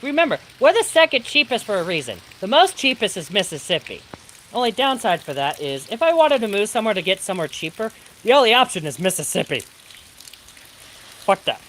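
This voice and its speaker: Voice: mid-range voice, fairly bright tone, slight background noise. A storm streamer ranting with heavy profanity during a live stream, from the Pacific Northwest of the US. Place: home during a thunderstorm, rain outside. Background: rain.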